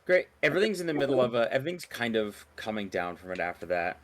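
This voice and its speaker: A man's voice: medium pitch, big pitch swings, fast. A man running a tabletop role-playing game as game master, narrating loosely with many filler words.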